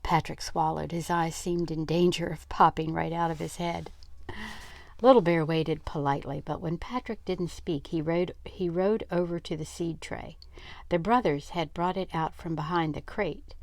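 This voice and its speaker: A woman's voice: sits low, moderate pace, gravelly, a little mellow, dry recording. Older woman reading a storybook aloud. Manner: chatty asides between passages. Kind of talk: reading a children's book aloud.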